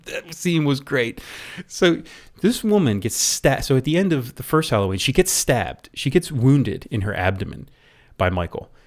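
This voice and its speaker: A man's voice: medium pitch, expressive, moderate pace. A man reviewing a movie in a casual rant, rambling and often stumbling over and repeating his words.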